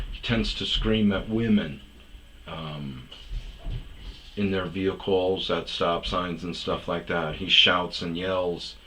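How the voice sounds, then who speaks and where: A man's voice: sits low, slight background noise. Profane man telling a rambling story. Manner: profane, animated, mimics others in raised voice. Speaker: storyteller host. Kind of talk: casual monologue storytelling.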